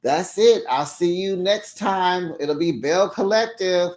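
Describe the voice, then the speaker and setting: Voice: medium pitch, slow, a little mellow. A reality TV recap host chatting casually with viewers in a sassy, direct way and laughing easily between remarks. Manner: sassy, talks straight to viewers, acts out quoted lines. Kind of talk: casual episode recap vlog.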